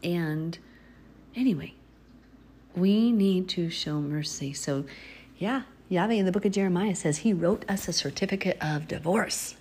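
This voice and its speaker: Middle-aged woman, informal preacher, fairly low pitch, earnest and urging, faint noise behind. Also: unhurried, dark tone. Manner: earnest, exhorting, with laughs and asides. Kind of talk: informal religious teaching.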